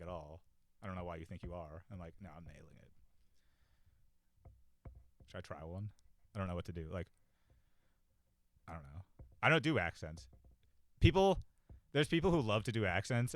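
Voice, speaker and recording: A man hosting a casual talk show, rambling and self-deprecating, swearing freely and filling every pause, on a cheap close mic. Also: on the low side, fairly bright tone, dry recording. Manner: rambling, profane, self-deprecating, many fillers. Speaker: podcast host. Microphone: cheap desk mic, close.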